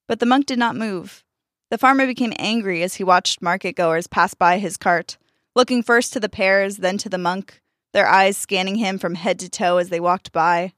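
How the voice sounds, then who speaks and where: A woman's voice: mid-range voice, moderate pace, fairly bright tone, no echo, clean studio sound. A woman narrating a scripted folk tale expressively, voicing each character. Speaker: storyteller.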